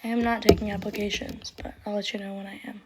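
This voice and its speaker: A tipsy young woman in her twenties rambles through a casual livestream, breathing heavily between thoughts. Her talk is self-deprecating and keeps slipping down into a soft, half-whispered murmur, at a mid pitch for a woman. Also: flat delivery, fast talker, very noisy.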